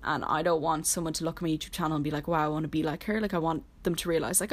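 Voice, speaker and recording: A woman in her early twenties solo-hosts a casual podcast chat on a laptop microphone, rambling earnestly and leaning heavily on "like" as a filler. Her voice sits low with fairly even intonation, delivered rapid-fire with hardly any pauses.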